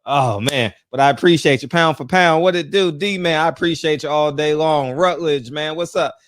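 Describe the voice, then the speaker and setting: A man's voice: a little high, moderate pace, few pauses, fairly bright tone, no room sound, studio quality. A man hosting a casual livestream, greeting viewers by name and chatting loosely, often tagging lines with "man" and laughing. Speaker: host. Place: home, just out of the shower.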